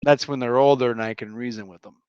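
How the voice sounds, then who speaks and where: A man in his thirties co-hosting a podcast, joking around and then laying out his reasoning in a relaxed chat. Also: mid-range voice, fast talker. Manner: joking, playful, then plainly explaining. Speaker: podcast co-host. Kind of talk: casual chat. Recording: slightly dull, muffled audio.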